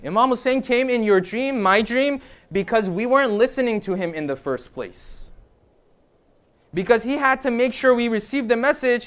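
A man's voice: very high-pitched, lively intonation, normal speed. A man preaching a sermon to brothers and sisters, emphatic and repetitive, with a rising and falling delivery.

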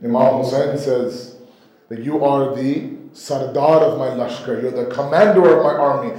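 A male preacher telling a sacred story in an emotional sermon, swinging between hushed tones and near-shouting. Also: mid-range voice, normal speed. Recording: roomy echo.

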